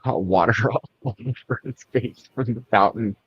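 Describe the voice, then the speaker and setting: A man co-hosting a casual book club livestream, playful and quick to laugh. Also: medium pitch, husky, no echo, lo-fi sound. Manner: playful, laughs often, slips into silly voices. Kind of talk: casual chat.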